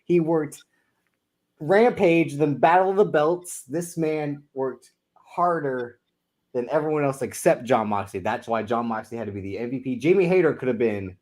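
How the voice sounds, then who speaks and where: A man's voice: medium pitch, normal speed, a little mellow. A man co-hosting a podcast, giving opinionated, rambling takes on wrestling, with some swearing. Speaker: podcast co-host. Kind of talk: casual podcast chat.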